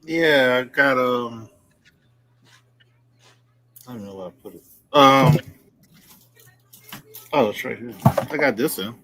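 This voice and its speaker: A man telling anecdotes in a casual podcast chat, animated and laughing through his stories. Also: mid-range voice, takes it slowly, long pauses, a little hiss or hum, rough recording.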